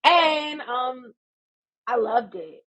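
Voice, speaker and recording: Brief: American woman, 30s, podcast guest, animated storyteller, somewhat high and husky voice, slightly muffled audio. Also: extremely slow. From United States. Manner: animated, laughs often while telling stories. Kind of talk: casual storytelling chat.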